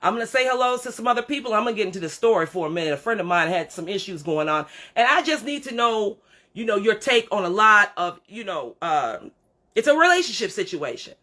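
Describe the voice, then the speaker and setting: A woman's voice: medium pitch, very animated, brisk, sharp tone. Blunt, profane woman ranting to her viewers. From Creole background. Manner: blunt, profane, preachy, talks straight to viewers. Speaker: livestream host. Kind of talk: unscripted livestream rant.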